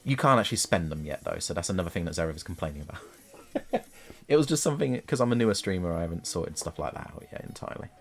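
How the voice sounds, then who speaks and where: A man's voice: sits low, animated, creaky, faint music behind. A man, casually chatting and laughing on a live stream while painting miniatures. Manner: chatty and playful, quick to laugh.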